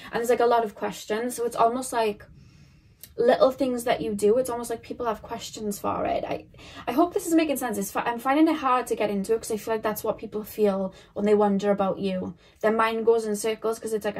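A woman's voice: mid-range voice, fairly even intonation, fast talker, darkish tone. Rambling young woman giving a tarot reading. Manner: rambling, questioning, many fillers and restarts. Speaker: tarot reader. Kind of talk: casual tarot reading monologue.

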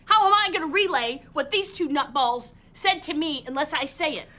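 An actress playing a furious, foul-mouthed mother who rants loudly and explosively at a school meeting, in a film comedy. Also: high-pitched, normal speed. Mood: raging. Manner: loud, explosive, profane ranting.

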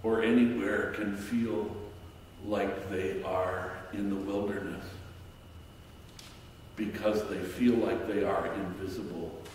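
Slow, reflective preacher in an echoey church. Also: male voice, lowish voice, steady tone, darkish tone, a little hiss or hum. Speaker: minister. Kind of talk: sermon. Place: church sanctuary. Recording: echoey church hall from far off.

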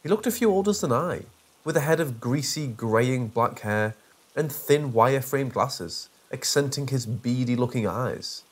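A man's voice: medium pitch, lively intonation, unhurried. A man narrating a first-person horror story in a dry, sarcastic way.

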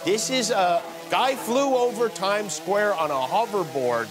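A man's voice: sits high, expressive, unhurried, over music. A middle-aged man hosting a late-night show, delivering a comedy monologue with wry jokes and chuckling through the punchlines. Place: television studio with live audience.

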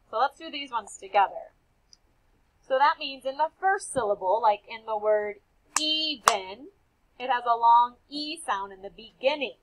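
Young female teacher, slightly husky, lively up-and-down delivery, unhurried, encouraging and repetitive with her class. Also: on the high side, low-quality recording. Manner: encouraging, calls on students by name, repeats answers. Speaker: elementary school teacher. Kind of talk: classroom phonics lesson.

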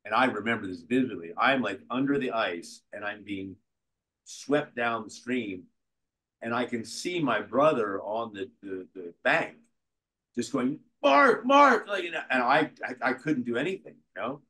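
An older man, an actor being interviewed, telling stories from his life and career in a lively way, acting out the voices of people he quotes. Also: mid-range voice, unhurried, slightly rough, rough recording. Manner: animated storyteller who acts out quotes. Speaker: guest actor. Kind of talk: conversational interview storytelling.

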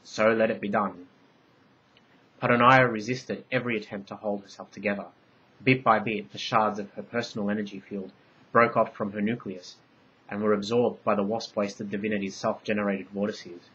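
Low-voiced man narrating a story. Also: flat delivery, pushed and bright, husky, dull audio. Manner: measured, ornate storytelling. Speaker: author narrating his story.

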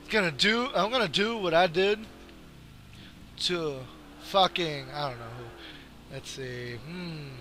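A young man commentating his own gameplay, trash-talking and often breaking into yells. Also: on the high side, slow, pauses often, slight background noise. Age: young adult. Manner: excitable, trash-talking, swings to yelling.

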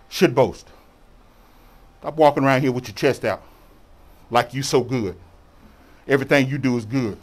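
A man's voice: medium pitch, normal speed, long pauses. A man preaching a sermon as a bishop, colloquial and preacherly, calling out to his congregation for responses.

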